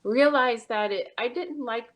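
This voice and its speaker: A woman's voice: fairly high pitch, unhurried. A woman with a New York accent, a real estate agent chatting as a podcast guest in an upbeat, casual way. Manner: chatty and upbeat, with short laughs. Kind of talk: casual interview chat.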